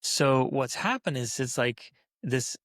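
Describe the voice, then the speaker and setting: A man's voice: medium pitch, expressive, slow, fairly bright tone, no room sound, clean studio sound. A middle-aged man hosting a podcast, talking casually and animatedly, acting out both sides of exchanges with kids. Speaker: podcast host. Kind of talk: casual parenting discussion.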